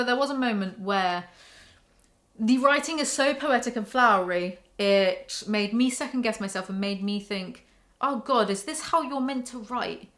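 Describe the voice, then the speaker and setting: A woman's voice: mid-range voice, a bit bright. Candid woman ranting about books. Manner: candid, ranting, swears freely. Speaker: book reviewer. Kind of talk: casual spoken book review.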